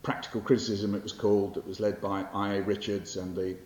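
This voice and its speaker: An older Englishman, a poet, gives a public lecture with poetry readings to an audience in a library lecture hall. His low, slightly mellow voice moves briskly with little change in pitch, and his manner is wry and conversational, full of fillers and self-corrections. The recording sounds roomy and muffled, with a faint hiss.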